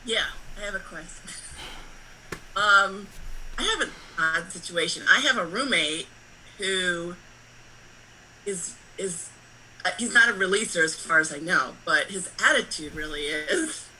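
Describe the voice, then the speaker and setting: A woman's voice: on the low side, lively intonation, measured pace, pauses often, sharp tone, slight background noise, low-quality recording. A woman asking a question on a video call, chatty and given to laughing as she tells her story.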